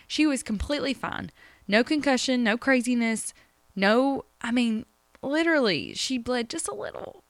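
A woman's voice: fairly high pitch, lively intonation, a little slow, no room sound. A woman, talking emotionally and rambling about her day as a podcast host. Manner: emotional, rambling, addresses listeners directly. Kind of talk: personal confessional chat.

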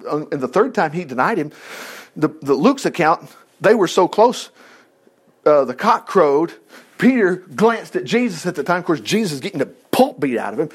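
A man's voice: sits high, husky. A male preacher giving a conversational sermon to a congregation in a room, acting out the voices he quotes. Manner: animated, acts out quoted voices.

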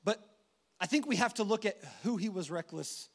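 A man's voice: sits high, moderate pace. A man preaching a sermon in a casual, conversational storytelling manner.

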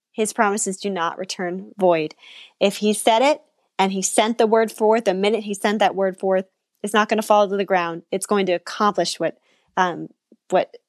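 A woman co-hosting a live stream, praying for viewers and encouraging them in a gentle way. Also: medium pitch, dry recording, clean studio sound. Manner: gentle, encouraging, soft affirmations.

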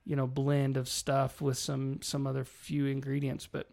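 A man's voice: medium pitch, normal speed, vocal fry. A middle-aged man co-hosting a casual chat, telling stories and acting out what people said. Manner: animated storyteller, acts out quoted voices. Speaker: podcast co-host.

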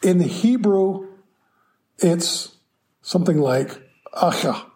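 A man hosting a podcast and teaching a live Bible class, speaking in a measured way with pauses, reading scripture aloud. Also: on the high side, lively intonation, a little mellow. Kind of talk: slow, deliberate Bible teaching.

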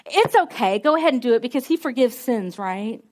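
A woman's voice: on the high side, expressive, brisk, darkish tone. A woman preacher giving a conversational, emphatic sermon to students, with call-and-response.

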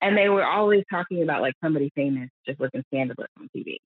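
A woman from the United States speaking candidly as a podcast guest, earnest and reflective, often quoting others in a lowered voice. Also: lively intonation, rapid-fire, dry recording. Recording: dry, phone-like lo-fi audio.

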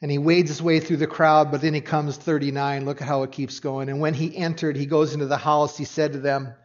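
A man preaching a sermon, earnest and expressive, swinging from hushed, quiet passages to emphatic ones. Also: on the high side, fairly quick, lo-fi sound. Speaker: pastor.

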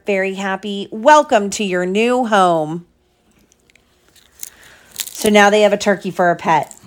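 Mom reading a picture book aloud. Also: female voice, a little high. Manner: gentle, chatty, stops to explain pictures. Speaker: mother reading to her children.

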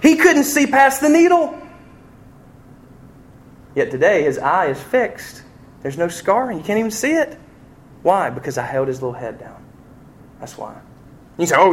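A man preaching a sermon, telling a family story, going from hushed passages up to loud, pleading cries. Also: a little high, big pitch swings, measured pace, gravelly, pauses often. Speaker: pastor.

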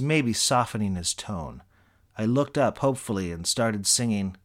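A man narrating a comic memoir in a dry, deadpan scripted delivery. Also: on the low side, normal speed. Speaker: audiobook narrator.

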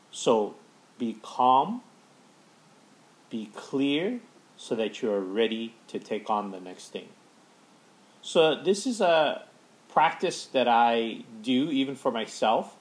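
A man, a father, giving a calm breathing practice tip as a podcast guest, speaking slowly with many fillers. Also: medium pitch, rough recording. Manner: slow, calm, halting with fillers.

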